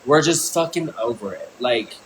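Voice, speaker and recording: A man's voice: mid-range voice, expressive, moderate pace, a bit bright, a little hiss or hum, low-quality recording. A man in his thirties livestreaming a rambling, intense monologue, swearing often and restarting his sentences. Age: 30s. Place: indoor room.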